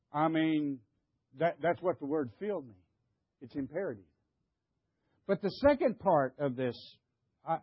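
A man's voice: a little high, breathy edge, no room sound, highs cut off. An older man preaching a sermon, emphatic, stammering and repeating himself as he questions the congregation. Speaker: pastor.

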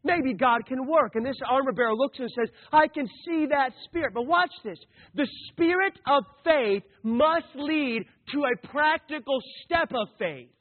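High-voiced guy preaching a sermon, really animated, sounds tinny like over a phone. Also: unhurried, hardly any pauses. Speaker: pastor.

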